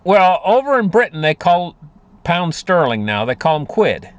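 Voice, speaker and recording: Rambling man, lively pitch. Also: normal speed, no room sound. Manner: rambling, folksy, many fillers and restarts. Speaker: market commentator. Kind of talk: casual monologue on finance.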